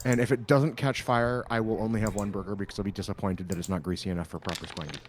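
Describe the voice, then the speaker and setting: A man's voice: fairly low pitch, fairly even intonation, fast talker, background noise. A man playing his character in a tabletop game, joking in a put-on accent. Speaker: player. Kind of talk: in-character tabletop role-play.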